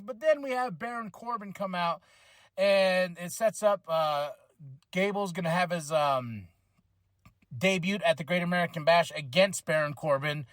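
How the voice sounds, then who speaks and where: Excitable high-voiced man recapping wrestling. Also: no room sound. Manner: excitable, rambling, many restarts and fillers; acts out wrestlers' lines in quick voices. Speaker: podcast host reviewing wrestling.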